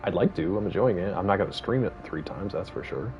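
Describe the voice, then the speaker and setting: A man's voice: low-pitched, lively intonation, quick pace, highs cut off, over music. A man in his forties casually commenting on his gameplay during a live stream, rambling and joking with viewers. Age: 40s.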